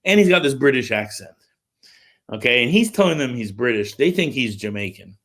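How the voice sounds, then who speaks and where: A middle-aged man, a music promoter, casually telling an animated story on a livestream call, with lots of filler words. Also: medium pitch, fairly quick.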